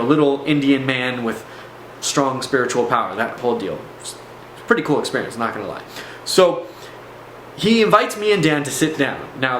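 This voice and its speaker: A man's voice: mid-range voice, a bit bright. Man telling a story in an echoey room. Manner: conversational and digressive, with asides to viewers. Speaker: storyteller recounting a personal experience. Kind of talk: casual first-person storytelling to camera. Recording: echoey room with faint background hum.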